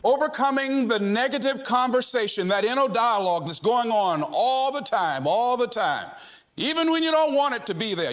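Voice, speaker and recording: Fiery high-pitched man exhorting. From United States. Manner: fiery, shouting, repetitive exhortation. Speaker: motivational speaker. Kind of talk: motivational speech.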